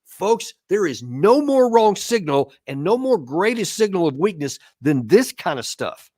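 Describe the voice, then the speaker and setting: A man hosts a political commentary show. His voice sits a little high and sounds dry and close. He speaks emphatically and often restarts words as he drives home an argument. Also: very animated, a little slow, dark tone, dry recording. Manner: emphatic, repeats words when stressing a point. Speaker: host.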